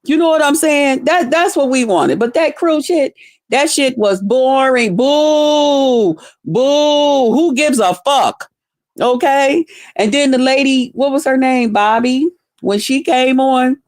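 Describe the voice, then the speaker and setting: A woman's voice: high-pitched, takes it slowly, no echo, clean studio sound. A middle-aged woman giving blunt, profane livestream commentary, laughing often and greeting chat viewers by name.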